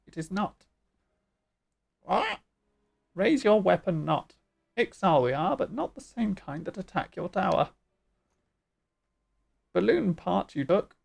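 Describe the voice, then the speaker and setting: A woman's voice: fairly low pitch, creaky, exaggerated voice. A woman voicing fierce, proud bird-folk warriors who speak in clipped, scrambled word order while she reads game dialogue aloud. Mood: haughty. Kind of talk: game dialogue voiced live.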